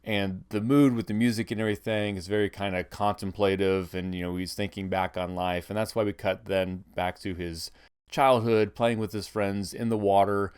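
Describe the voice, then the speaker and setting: A man's voice: fairly low pitch, steady tone, normal speed, darkish tone, smooth. A man giving casual commentary on a history film, thinking aloud with frequent restarts. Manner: thinking aloud, many restarts and hedging fillers.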